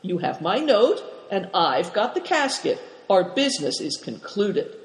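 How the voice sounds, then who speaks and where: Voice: medium pitch, big pitch swings, unhurried. A reader voicing a sly male dealer who whines and haggles in an injured tone in a storybook. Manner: wheedling, sly, complaining. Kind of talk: storybook reading. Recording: roomy hall with long reverb.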